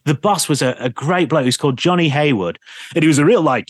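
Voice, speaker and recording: A man from England, a radio presenter, telling lively anecdotes in a casual podcast interview and laughing often. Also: on the high side, fast, dry recording.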